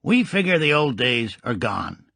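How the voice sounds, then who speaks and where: A boastful American gangster with a fixed grin. His mobster voice rises high and loud, with a husky edge, and he stumbles over b, m and p sounds. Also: sing-song, no room sound, heavily acted. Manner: halting on b, m and p sounds, slangy. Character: American gangster with a lip-curling grin, male.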